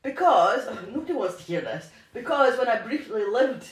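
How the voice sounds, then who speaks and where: A woman's voice: on the high side, big pitch swings, normal speed. A woman co-hosting a podcast in casual chat, rambling and laughing at herself. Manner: giggly, rambling, self-mocking. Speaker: podcast co-host. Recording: echoey room.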